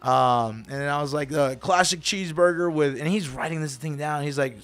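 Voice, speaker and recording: A man in middle age, slightly higher-pitched than most men, telling a long story on a radio show. He is animated and acts out the people he quotes. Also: brisk, hardly any pauses. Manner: animated, acts out quoted voices, switches between English and Spanish. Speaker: radio host. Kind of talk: casual storytelling.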